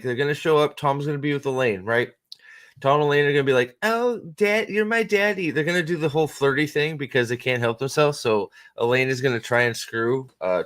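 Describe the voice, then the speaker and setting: Guy rambling and cussing through casual fan chat, keeps cutting himself off, middle of the road pitch. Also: a bit bright. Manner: rambling, profane, self-interrupting. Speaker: host.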